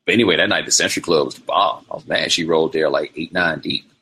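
Deep gravelly-toned man telling stories. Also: fast talker, sharp tone. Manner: rambling storytelling with quoted impressions. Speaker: show host. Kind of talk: casual livestream monologue.

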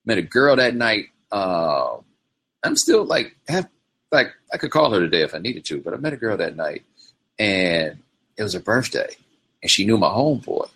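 A man hosts his own casual livestream, rambling through stories and slipping into quoted voices as impressions. His voice is fairly low, husky and fairly bright in tone, and he is very animated while keeping a moderate pace.

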